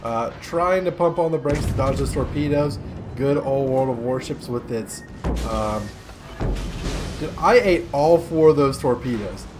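A man's voice: medium pitch, a little slow, music in the background. A young man giving casual, rambling gameplay commentary with sarcastic jokes and asides. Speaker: gaming commentator.

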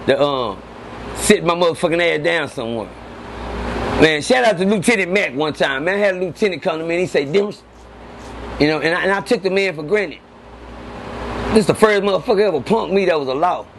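A man telling stories from prison in a casual interview, animated and profane, often repeating words. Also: fairly high pitch, fairly quick, long pauses. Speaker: interview guest. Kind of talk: casual storytelling. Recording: noisy background.

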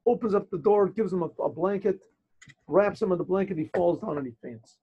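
A man, a rabbi, tells a story on a video call, halting often and repeating his phrases. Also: high voice, breathy edge, narrow, tinny audio.

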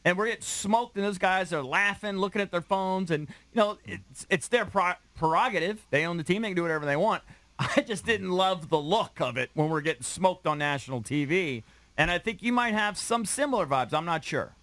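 A man hosts a sports radio show, chatting casually and tossing questions to his guest. His voice is high and bright, recorded close and dry. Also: lively intonation, a little fast, no echo.

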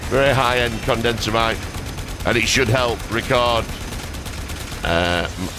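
Background noise sits under this young man's medium-pitched, slightly slow voice as he commentates on a game from his home desk. He's a gaming video creator who rambles, swears offhandedly and makes fun of himself, recorded on a dynamic desk microphone.

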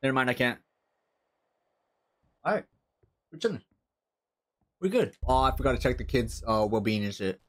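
A man doing let's-play commentary on a horror game, cursing constantly and shouting at the characters on screen. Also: medium pitch, steady tone, a little fast, long pauses, slight background noise. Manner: profane, loud outbursts, talks to game characters. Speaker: gaming streamer.

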